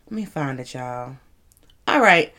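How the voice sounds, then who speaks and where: A woman's voice: extremely low pitch, expressive, a little slow, pushed and bright. A woman hosting a casual commentary show, chatty, rambling and laughing as she talks. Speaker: host.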